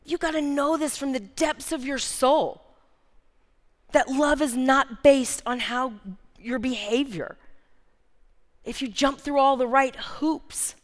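High-voiced woman preaching slowly. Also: steady tone. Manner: earnest, emphatic, repeats key phrases. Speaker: speaker preaching. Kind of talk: sermon. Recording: long reverb of a large hall.

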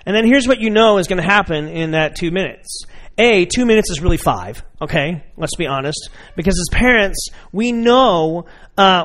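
A man's voice: sits high, fairly bright tone. A man preaching a sermon in a conversational way, addressing his listeners directly and acting out everyday scenes. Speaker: pastor.

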